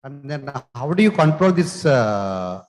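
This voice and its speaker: A man, chairing a conference session, politely asking questions with frequent pauses. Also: mid-range voice, very animated, darkish tone, rough recording. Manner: polite, deferential, hesitant with fillers. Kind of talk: moderating a conference Q&A.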